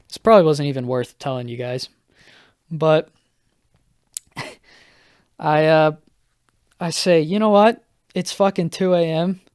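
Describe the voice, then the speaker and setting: Hoarse young man rambling through a story. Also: mid-range voice, darkish tone, dry recording, clean studio sound. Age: young adult. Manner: rambling, profane, self-interrupting. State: slightly hoarse. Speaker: podcast host. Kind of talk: casual solo storytelling.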